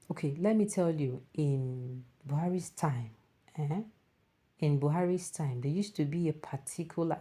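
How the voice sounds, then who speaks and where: A woman's voice: low voice, warm tone, slightly rough. A woman with a Nigerian accent giving opinionated news commentary in an emphatic, scolding, conversational manner.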